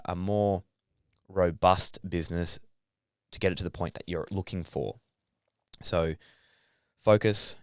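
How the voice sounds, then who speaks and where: Deep-voiced Australian man, smooth and dry. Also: dry recording. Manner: relaxed, swears casually, acts out his own inner thoughts. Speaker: podcast guest, athlete. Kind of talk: casual interview talk.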